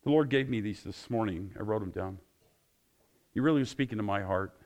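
A male pastor preaching with passion, closing his sermon in prayer and getting louder and higher when excited. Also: fairly quick. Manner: passionate, rising loud and high when excited.

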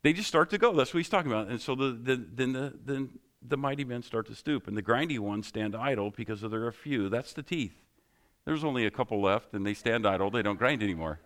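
A man's voice: medium pitch, expressive, a little fast, fairly bright tone. A middle-aged man, a pastor, giving a sermon in a conversational, joking style full of rhetorical questions.

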